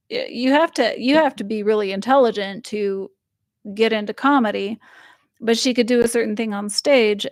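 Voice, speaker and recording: A woman's voice: medium pitch, dry recording, clean studio sound. A young woman hosting a livestream, chatting casually and rambling with fillers while reading viewer comments aloud. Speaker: livestream host reading chat. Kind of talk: casual chat.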